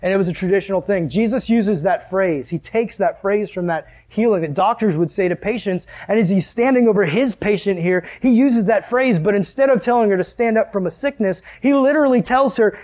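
Animated, high-voiced male preacher. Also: normal speed, few pauses. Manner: conversational, acts out the scenes he tells. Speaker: pastor. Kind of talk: sermon.

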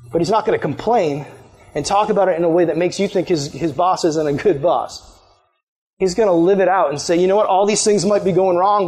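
A man's voice: sits high, a little mellow. A man preaching a sermon in a casual, storytelling way, acting out the people in his stories. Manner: casual storytelling, acts out voices. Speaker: pastor.

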